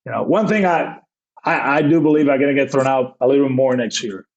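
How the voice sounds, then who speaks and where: A man in his forties, a baseball manager guesting on a podcast, tells rambling stories in a casual interview. His mid-range voice moves fairly quickly, loaded with fillers and acted-out quotes, and the recording sounds lo-fi.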